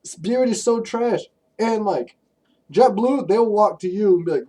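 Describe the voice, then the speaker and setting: A young man, co-hosting a podcast and telling crude, animated stories in casual chat, a bit far from the mic. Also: high voice, unhurried. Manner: profane, animated storytelling. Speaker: podcast co-host.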